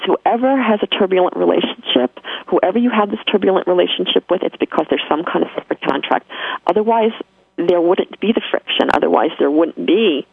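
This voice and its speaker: A woman's voice: fairly low pitch, gravelly, husky, no echo. A woman with a New York accent, telling a personal spiritual story as an interview guest, earnest and emphatic with frequent restarts. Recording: tinny phone line, dry.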